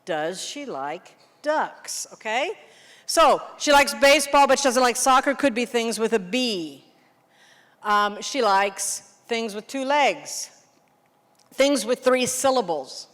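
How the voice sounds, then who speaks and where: A woman English teacher leading a workshop, explaining classroom games in an animated way and checking in with the room often. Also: on the high side. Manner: lively, animated teacher, quick questions to the room. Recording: long reverb of a hall.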